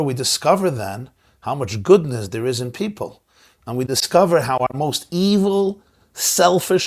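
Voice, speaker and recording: A man of ordinary pitch leads the discussion as a rabbi. He talks with strong feeling, often repeating words as he gathers a thought. He drops into soft, low asides and then climbs high on the words he stresses. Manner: emphatic, repeats words while searching for them. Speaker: rabbi and host. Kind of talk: conversational discussion.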